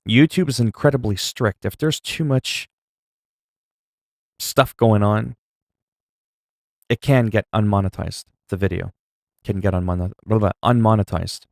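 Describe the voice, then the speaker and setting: A man with a lowish voice chats casually while livestreaming a game, opinionated and rambling, swearing freely. His voice is close and dry, with no room sound at all. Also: measured pace, creaky, pauses often, no echo. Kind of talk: casual chat while gaming.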